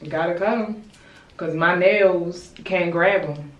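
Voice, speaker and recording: A woman's voice: lowish voice, takes it slowly, lo-fi sound. Dramatic storytelling woman in an echoey room. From Baltimore, USA. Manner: animated, dramatic, blunt, swears freely, talks to viewers as y'all. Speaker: YouTuber. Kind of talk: casual storytime chat while doing her hair. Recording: roomy echo, distant mic.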